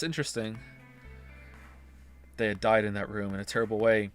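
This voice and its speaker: A man's voice: on the low side, little pitch movement, a little fast, pauses often, smooth, soft background music. A male streamer reading a visual novel's text aloud and breaking off into wry, sarcastic asides.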